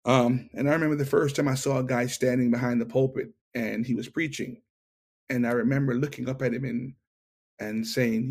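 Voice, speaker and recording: A middle-aged man tells his testimony in an interview in a gravelly, husky voice. He talks in an animated way and acts out each line of dialogue. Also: medium pitch, fairly quick. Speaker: interview guest.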